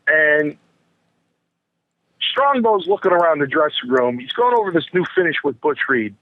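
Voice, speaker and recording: An older man, a retired wrestler, telling animated backstage stories as a podcast guest, talking to the hosts as "guys" and repeating his phrases for effect. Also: on the high side, moderate pace, no room sound. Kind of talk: anecdotal storytelling. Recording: tinny phone line, dry.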